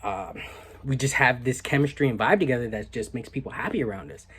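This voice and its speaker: Man, husky voice, young adult, casual animated storytelling, hushed asides. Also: medium pitch, a little fast. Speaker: vlogger.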